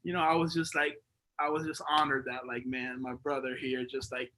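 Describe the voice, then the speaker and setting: A man's voice: medium pitch, normal speed, a little hiss or hum, low-quality recording. A man speaking at a memorial gathering, telling casual stories full of slang and fillers, laughing often and acting out the dialogue. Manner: animated, laughing storyteller who acts out dialogue. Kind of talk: spoken storytelling speech.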